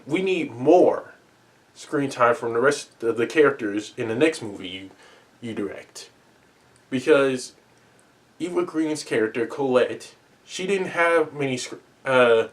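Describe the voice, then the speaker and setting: A man talking through a movie review in an unhurried, deliberate way, with a middle-range pitch. He speaks earnestly and casually, stopping to repeat himself and restart phrases as he goes. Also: lively intonation. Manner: earnest, repeats and restarts words, pleading asides.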